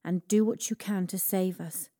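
A woman's voice: lowish voice, fairly even intonation, moderate pace, dark tone, natural voice. A woman voicing a devout, steadfast man in a storybook reading, firm and solemn.

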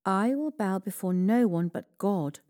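A woman's voice: medium pitch, animated, a little slow, warm tone, close to an everyday voice. A woman voicing a devout, steadfast man in a storybook reading, firm and solemn.

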